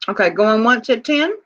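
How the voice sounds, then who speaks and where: A woman's voice: on the high side, lo-fi sound. A woman co-hosting a casual live-stream jewelry auction, chatting and laughing as she reads viewers' comments. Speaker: online auction co-host.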